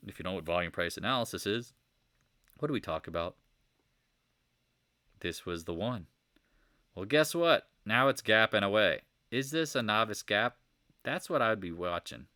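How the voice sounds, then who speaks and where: A man's voice: on the low side, sharp tone, clear, resonant tone, dry recording, studio quality. A man giving a casual, rambling market recap over charts, exasperated and preachy, firing off rhetorical questions. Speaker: market commentator.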